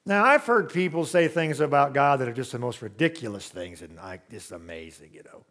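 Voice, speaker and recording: A man's voice: medium pitch, lively intonation, brisk, fairly bright tone. A man preaching a sermon in a conversational, humorous storytelling way, full of asides and questions to the congregation.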